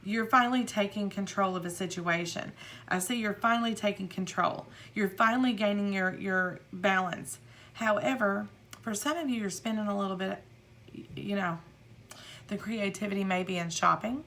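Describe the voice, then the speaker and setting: A woman's voice: mid-range voice, moderate pace, a bit bright. A woman giving a casual tarot reading, rambling and repeating her words, often acting out imagined quotes. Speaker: tarot reader.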